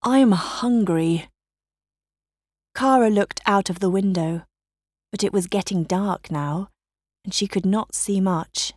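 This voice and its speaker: A woman reading a children's story aloud in a slow, careful narrating voice. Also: mid-range voice, a little mellow, no echo, clean studio sound.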